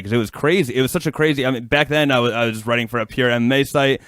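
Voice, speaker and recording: A man's voice: mid-range voice, fairly even intonation, a bit bright, smooth, no room sound, studio quality. A man hosting a sports podcast, asking long rambling questions in a casual way. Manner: fast, rambling questions with fillers. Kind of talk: interview, casual chat.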